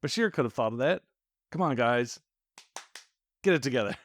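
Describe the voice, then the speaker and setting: A podcast co-host in casual chat, wryly picking apart an episode and pitching better excuses. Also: animated, normal speed. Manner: wry, quips alternative excuses.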